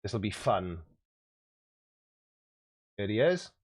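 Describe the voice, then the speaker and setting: A man's voice: fairly low pitch, big pitch swings, extremely slow, slightly rough, no echo, clean studio sound. A man hosting a livestream, chatting in a jokey, self-deprecating way as he reads out viewer comments. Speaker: YouTube host.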